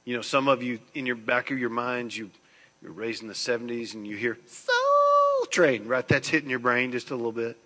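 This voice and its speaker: Male pastor, preaching, bright forceful tone, long hall reverb. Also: mid-range voice, huge pitch swings, moderate pace. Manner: swings between hushed and loud, emphatic. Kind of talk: sermon.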